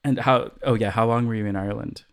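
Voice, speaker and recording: A man's voice: medium pitch, steady tone, fast, vocal fry, clean tone. A man from the US hosting a casual podcast chat, laughing often and hesitating with ums as he asks questions. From United States. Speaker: podcast host.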